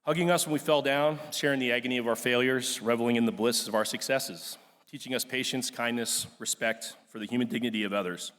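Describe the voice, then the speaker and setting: A man's voice: medium pitch, a little fast, a bit bright. A young man, class president, giving an earnest, emotional ceremony speech with frequent fillers in a large auditorium. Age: young adult. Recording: long hall reverb.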